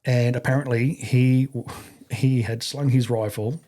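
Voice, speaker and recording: This is a middle-aged Australian man, formerly in the army, spinning casual yarns in a warm, medium-pitched voice that's fairly even and a little slow. His storytelling wanders, full of fillers and false starts, and he performs the quoted voices.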